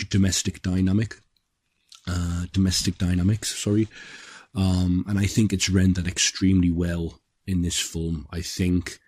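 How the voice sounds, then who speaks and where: A man co-hosting a film podcast, speaking in a measured way with many pauses and ums. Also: deep voice, no room sound. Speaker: podcast co-host, film critic. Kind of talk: casual film discussion.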